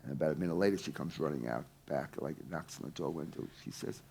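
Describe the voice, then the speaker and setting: Intense man telling a story, loud to hushed. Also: a bass voice, normal speed, gravelly, long pauses, a little hiss or hum. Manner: intense, swings from loud to hushed, swears casually. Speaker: speaker teaching a workshop. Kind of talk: storytelling talk to a live audience.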